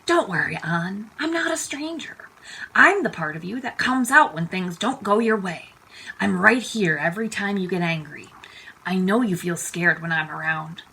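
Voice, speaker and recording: A hairy red anger creature, calm and knowing, with a soft, low, hushed way of talking, as a woman reading a storybook puts it on. The voice stays bright in tone. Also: normal speed, creaky, husky, exaggerated voice, poor audio.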